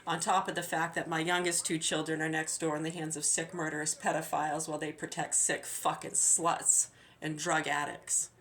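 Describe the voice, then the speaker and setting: Low-voiced woman in a rambling rant. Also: flat delivery, normal speed, fairly bright tone. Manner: aggrieved, swearing, hesitant restarts. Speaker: mother venting. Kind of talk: rambling spoken monologue.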